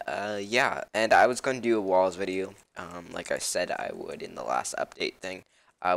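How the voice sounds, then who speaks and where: A man's voice: deep voice, vocal fry, fairly bright tone, clear, resonant tone. A young man casually commenting on his own gameplay as a channel host, rambling with lots of ums and uhs.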